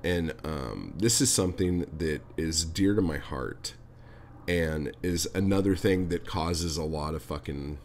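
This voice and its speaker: A man's voice: a bass voice, lively intonation, unhurried, slight background noise. A man hosting a podcast, ranting heatedly with constant swearing and talking straight to the listener. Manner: talks directly to listener, "dude". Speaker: podcast host. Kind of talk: profane ranting monologue.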